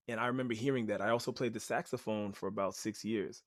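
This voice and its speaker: A man guest on a podcast, telling stories in an animated, chatty way with lots of "like" and "you know". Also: lowish voice, fast, no echo, clean studio sound. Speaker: podcast guest, rapper and teaching artist. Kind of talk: casual storytelling.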